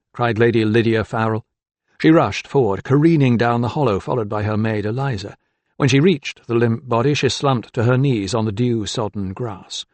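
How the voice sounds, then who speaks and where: A man narrating an audiobook with a dramatic, expressive reading. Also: mid-range voice, no echo.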